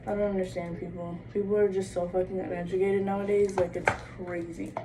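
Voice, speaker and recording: A woman's voice: mid-range voice, level tone, fairly quick. A young adult woman vlogging in a casual monologue, blunt and profane, with "like" in nearly every phrase. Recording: distant mic with faint background noise.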